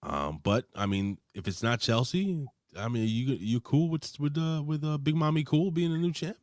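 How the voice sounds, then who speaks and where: A man's voice: moderate pace, no echo, studio quality. A man hosting a casual wrestling review show, recapping in a profane, rambling way. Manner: profane, rambling recaps with lively pitch swings. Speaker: host.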